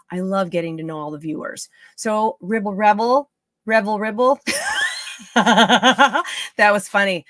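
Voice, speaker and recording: A woman's voice: on the low side, dry recording, clean studio sound. A middle-aged woman giving psychic readings on a live stream, chatty and playful, often drifting off topic. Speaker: psychic medium.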